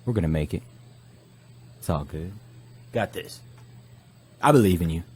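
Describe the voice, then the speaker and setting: A man's voice: deep voice, expressive, moderate pace, darkish tone, husky. Laid-back man, calls everyone brother. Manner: soothing, calls the other "brother" and "dude", rambling storytelling. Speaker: streamer reassuring a guest. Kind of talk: casual chat.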